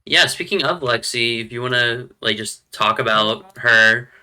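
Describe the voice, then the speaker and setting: A man's voice: mid-range voice, unhurried, bright, forceful tone. A man hosting a podcast, briefly steering the guest to new topics. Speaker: podcast host.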